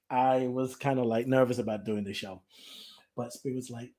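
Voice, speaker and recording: A man's voice: medium pitch, steady tone, moderate pace, mellow. A man hosting a spiritual talk show, speaking from the heart in an emotional, repetitive way and reading out listener comments. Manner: heartfelt, emotional, repeats himself. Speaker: podcast host.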